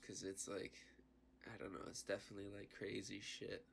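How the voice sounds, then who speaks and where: Gravelly low young guy chiming in. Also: completely flat delivery, normal speed, a crowd in the background. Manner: laid-back, slangy, swears, chimes in. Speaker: podcast co-host. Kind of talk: casual chat.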